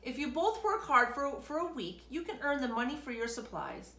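A woman voicing a patient older grape shopkeeper from a storybook, slow and thoughtful. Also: high-pitched, very animated, pushed and bright, roomy sound, pitched above the performer's own voice, full character voice.

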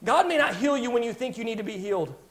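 Brief: male preacher, very high voice, impassioned storyteller in the pulpit. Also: animated, fast talker, fairly bright tone. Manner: impassioned storytelling, dramatic retelling. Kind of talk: sermon.

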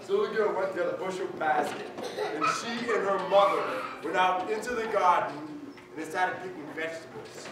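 A man's voice: sits high, fairly quick, background noise. A man telling a folk tale to schoolchildren, coaxing answers from them and drawing words out for suspense. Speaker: storyteller. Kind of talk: interactive storytelling for children. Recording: echoey school hall from far off. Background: children's audience.

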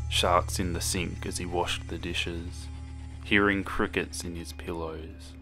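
A young man reading a horror story aloud in a calm, measured narration, recorded as a voice-over. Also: deep voice.

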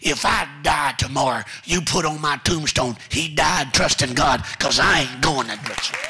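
A man preaching a sermon in a church, telling stories with folksy asides and building to shouted commands. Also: a little high, moderate pace, music in the background, crowd noise. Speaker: guest preacher. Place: church sanctuary.

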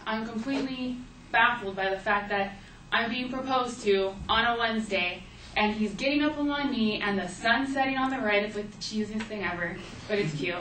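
A woman's voice: fairly high pitch, a bit bright, a little hiss or hum. Young woman, live storyteller, chatty with lots of fillers, roomy echo, mic set back from her. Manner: chatty, conversational, with frequent fillers. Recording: echoey room, distant mic, faint ambience.

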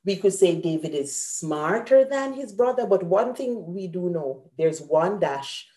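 A woman's voice: lowish voice, expressive, measured pace, dark tone, echoey room. A woman hosting an online grammar lesson, patiently explaining each example step by step. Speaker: host and teacher.

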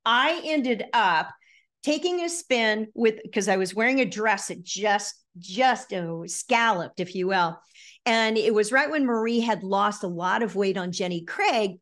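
A middle-aged woman giving a lively virtual workshop on presentation skills, telling stories and breaking into snatches of song. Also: medium pitch, moderate pace. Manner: animated storyteller, bursts into snippets of song.

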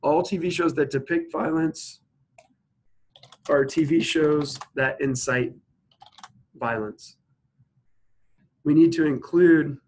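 A male instructor works through logic examples at an even pitch. He slows down to spell out each sentence and keeps asking his listeners to stop and think before he gives the answer. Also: low-quality recording. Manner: explains step by step, asks students to pause and think. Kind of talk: recorded logic lecture.

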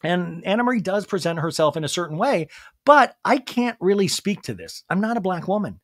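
Animated, chatty male podcast host. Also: high voice, fairly quick, no room sound, clean studio sound. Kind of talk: casual recap commentary.

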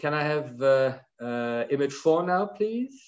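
A male professor giving an academic lecture, pausing often with fillers and asking for the next slide. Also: fairly high pitch, sing-song, a little mellow, dull audio. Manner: hesitant, many fillers.

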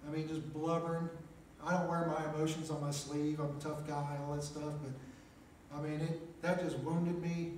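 A middle-aged man telling a testimony from the pulpit of a small chapel, plainspoken and full of filler words. His voice sits a little high for a man. It is picked up from some distance and rings through the room. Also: little pitch movement, moderate pace, hardly any pauses, darkish tone, slight background noise. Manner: plainspoken storyteller, many "uh" and "make a long story short". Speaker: preacher. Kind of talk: testimony sermon. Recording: echoey chapel, mic at a distance.

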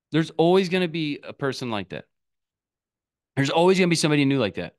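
A man's voice: a little high, animated, fast. A man giving a candid, casual motivational talk as an online business coach, cursing freely and acting out his past self.

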